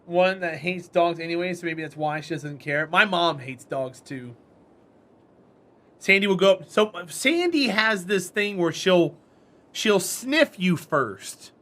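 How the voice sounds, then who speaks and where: Bright, high-voiced male streamer. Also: expressive. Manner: chatty, rambling, answers chat, quick to laugh. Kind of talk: casual live-stream chat while gaming.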